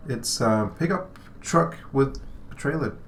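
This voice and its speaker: A man co-hosting a game developer stream, chatting casually and joking, with halting restarts. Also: mid-range voice, lively intonation, slight background noise. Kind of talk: casual chat while playing.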